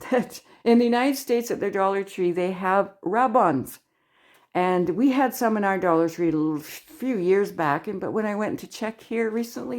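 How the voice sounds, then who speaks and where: A woman from Canada talking casually as a crochet vlogger, gushing and excitable as she opens mail. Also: mid-range voice, normal speed. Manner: gushing, excitable, frequent squeals and laughs. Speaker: crochet YouTuber. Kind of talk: casual unboxing vlog.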